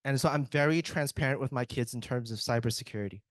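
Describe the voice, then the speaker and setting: A man's voice: medium pitch, fast talker, dry recording. A man in IT giving a casual, joking conference presentation, chatty and often breaking off mid-sentence to restart. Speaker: IT speaker at a tech summit.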